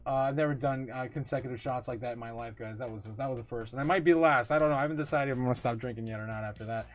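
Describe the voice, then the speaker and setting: A man hosting a casual livestream, reading viewer comments aloud, laughing often and getting excited, full of drawn-out fillers. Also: medium pitch. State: tipsy, recovering from a night of drinking. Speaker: livestream host.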